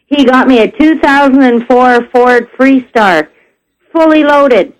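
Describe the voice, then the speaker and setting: High-voiced lady phoning into the radio, all gushy and playful, tinny phone sound. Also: measured pace, background noise. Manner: gushing, playful. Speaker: caller. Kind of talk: phone-in chat.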